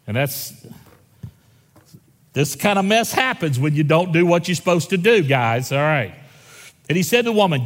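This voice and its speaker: A man preaching a sermon in an animated, conversational way, slowing down dramatically and joking with the congregation. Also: fairly high pitch, long reverb tail. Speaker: pastor.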